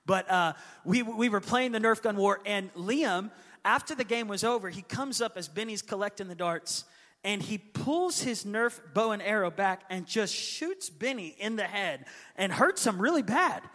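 A man in his thirties, a pastor, preaching a sermon as a lively storyteller who acts out his kids' voices. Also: high-pitched, moderate pace, big-room sound. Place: church hall.

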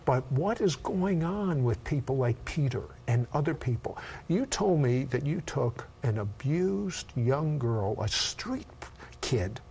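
A man hosting a faith talk show, interviewing a guest with animated, playful questions. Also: medium pitch, slow pace, creaky, a little hiss or hum. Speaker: host.

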